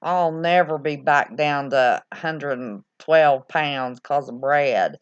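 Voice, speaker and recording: A woman's voice: low-pitched, takes it slowly, clean tone. Lady chatting away on a livestream, reacting to comments, kinda muffled sound. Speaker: livestream host reading viewer chat. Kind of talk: casual live-stream chat. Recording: slightly dull lo-fi sound.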